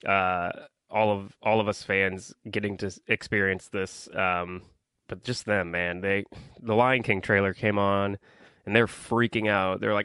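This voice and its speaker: Rambling young man, smooth voice. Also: on the low side, fairly even intonation, measured pace, a bit bright, dry recording. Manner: rambling, frequent ums and likes, complaining. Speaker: podcast host. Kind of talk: casual solo podcast movie review.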